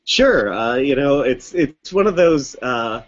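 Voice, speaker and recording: A man's voice: mid-range voice, lively intonation, slow. A man co-hosting a comedy podcast, rambling and hesitant as he asks a question. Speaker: podcast co-host. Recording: dull lo-fi podcast audio.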